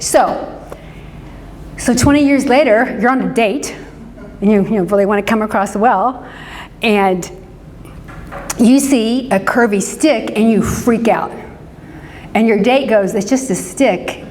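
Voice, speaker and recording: Woman, slightly high voice, chatty lecture to an audience, long hall reverb. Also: a little mellow. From American Midwest. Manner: conversational, asks the room "right?" often. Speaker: speaker on forgiveness, counselor. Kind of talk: interactive lecture to a live group.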